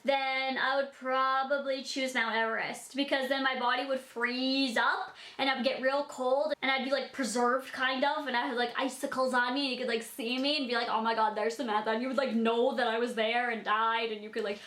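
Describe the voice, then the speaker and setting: A woman's voice: sits high, little pitch movement, normal speed, hardly any pauses, pushed and bright. A Canadian woman in her twenties chatting casually while she answers viewer questions, giggling and using lots of fillers. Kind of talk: casual Q&A vlog. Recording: echoey room.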